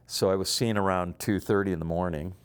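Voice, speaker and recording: Older male guest, very low-pitched, earnest and halting testimony. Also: steady tone, smooth. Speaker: guest, business leader. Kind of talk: personal storytelling.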